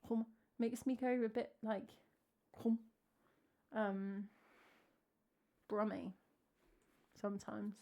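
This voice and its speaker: A woman's voice: medium pitch, fairly even intonation, drawn-out words, creaky, pauses often, a little mellow. A young woman, chatting casually with her live stream's chat, giggly and trailing off as she talks. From England. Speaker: streamer and singer-songwriter.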